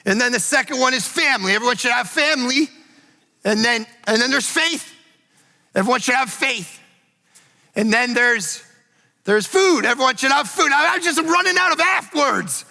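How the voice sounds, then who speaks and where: A middle-aged pastor gives a chatty, story-driven sermon in a church sanctuary, his high, bright voice carrying a gravelly edge. He speaks expressively at a moderate pace, slipping in little acted asides, with the long reverb of the church hall around him.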